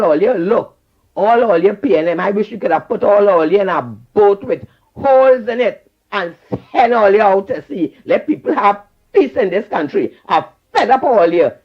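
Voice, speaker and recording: Fiery Trinidadian man calling in. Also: sits high. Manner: fiery, repetitive, preachy. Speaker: caller. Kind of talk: call-in radio rant. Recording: dull phone line.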